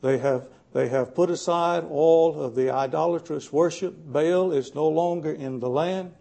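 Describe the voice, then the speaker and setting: A man preaching a Bible study sermon in a plainspoken, folksy way, pausing often to gather his thoughts. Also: fairly high pitch, gravelly, warm tone. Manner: folksy, plainspoken with frequent "uh" pauses.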